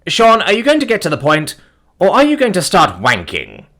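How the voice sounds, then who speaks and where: A man's voice: medium pitch, big pitch swings, normal speed, a bit bright, pitched above the performer's own voice. A man voicing a blunt, firm uncle who speaks curtly. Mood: impatient. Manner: curt, firm.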